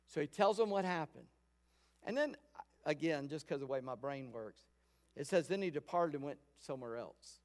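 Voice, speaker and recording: A pastor giving a sermon in a conversational storytelling way, acting out quoted lines. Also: male voice, on the high side, lively intonation, a little fast, darkish tone. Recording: long hall reverb.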